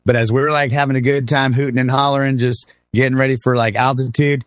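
Middle-aged male guest, lively laughing storyteller, close dry mic. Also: mid-range voice, fast talker, no echo. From Miami, raised in Texas. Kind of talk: casual conversation, storytelling.

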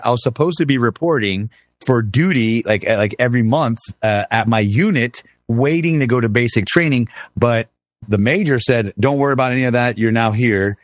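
A middle-aged man telling his army stories as an interview guest, animated, acting out the voices he quotes and laughing often. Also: medium pitch, no room sound, studio quality. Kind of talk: casual storytelling interview.

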